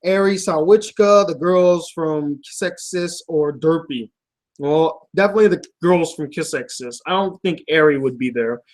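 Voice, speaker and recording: A young man with a high voice hosts a casual vlog from his room at home. He rambles, jokes at his own expense and swears freely as he reads out fan mail. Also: normal speed. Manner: profane, joking, self-deprecating.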